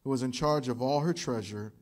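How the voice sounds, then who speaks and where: A man preaching a sermon as pastor, telling stories in an animated way and acting out the quotes. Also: mid-range voice, a little fast. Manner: animated storytelling with acted quotes. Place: church.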